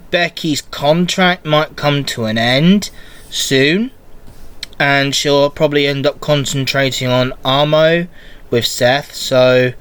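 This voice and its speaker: A man's voice: on the high side, fairly bright tone, clean tone. A man hosting a casual solo wrestling podcast, rambling and restarting his sentences, with a cold. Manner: slow, rambling, restarts often. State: has a cold. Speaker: podcast host.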